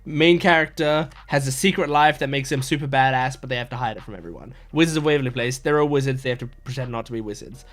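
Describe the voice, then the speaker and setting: A man's voice: medium pitch, fast talker, hardly any pauses, a bit bright. A man in his twenties talking casually about an anime episode, enthusiastic and rambling, with lots of fillers and restarts. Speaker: anime reaction YouTuber.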